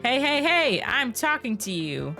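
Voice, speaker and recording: A woman voicing a paranoid, hostile young man in a game who shouts accusations loudly. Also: high voice, very animated, a little slow, faint music behind, voice pushed up, heavily acted. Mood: hostile accusing. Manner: shouting accusations, loud and jumpy.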